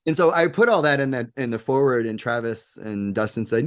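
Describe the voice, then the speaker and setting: A man's voice: medium pitch, normal speed. A man as an interview guest, telling a long rambling anecdote with lots of fillers and acted-out quotes. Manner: animated, rambling anecdotes with laughs and quoted voices. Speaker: interview guest, game maker. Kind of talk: casual interview storytelling.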